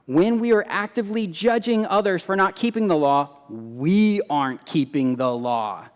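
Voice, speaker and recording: A man preaching a sermon, animated, acting out quoted voices and swinging between loud emphasis and hushed asides. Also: sits high, moderate pace, long reverb tail. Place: church hall.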